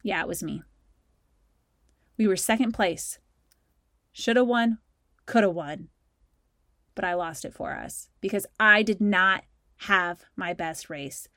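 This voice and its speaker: A woman telling a personal story from her school sports days, animated and conversational, acting out her own thoughts along the way. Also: medium pitch, no room sound, studio quality. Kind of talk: storytelling talk.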